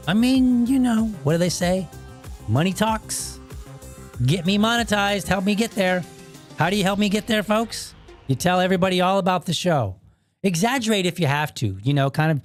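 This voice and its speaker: A man's voice: a little high, lively intonation, brisk, no echo, faint music behind. Rambling man hosting a solo podcast. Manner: rambling, repeats words and restarts. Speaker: podcast host. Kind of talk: casual solo podcast talk.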